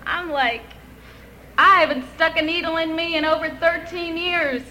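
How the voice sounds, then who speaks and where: A woman in her thirties speaks in a very high, steady voice at a moderate pace, her tone bright and forceful. She shares her recovery story as an earnest, emotional personal testimony with touches of wry humor. The audio is poor, with a little hiss or hum.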